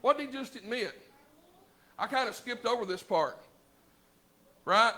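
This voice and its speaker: High, bright-voiced Southern preacher. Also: male voice, expressive, a little slow. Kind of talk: sermon. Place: church sanctuary.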